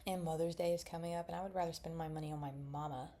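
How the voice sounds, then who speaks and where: A woman's voice: sits low, fairly even intonation, very fast, warm tone, a little hiss or hum. A young woman in casual chat while drawing, rambling and mumbling to herself as she works. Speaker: vlogger.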